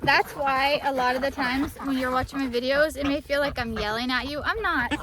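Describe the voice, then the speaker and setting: High-voiced woman vlogging outdoors. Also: steady tone, brisk, background noise. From Florida. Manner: half-yelling to be heard without a mic. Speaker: farm vlogger. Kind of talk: casual vlog narration. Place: outdoors on a farm. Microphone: phone camera, no external mic.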